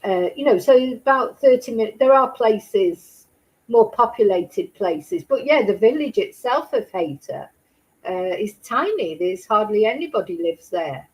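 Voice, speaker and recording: A woman's voice: mid-range voice, expressive, measured pace, poor audio. A woman hosting a true crime channel, chatting casually with her viewers. She rambles and keeps asking rhetorical questions. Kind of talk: casual chat with live chat viewers.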